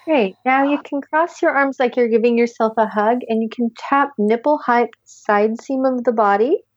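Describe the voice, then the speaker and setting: A woman guiding a tapping session with calm step-by-step instructions, sighing deeply between phrases. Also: no room sound, highs cut off. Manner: calm step-by-step instructions, leading group repetition. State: deep audible sighs and yawns between phrases. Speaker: tapping practitioner. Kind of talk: guided tapping session with breathing.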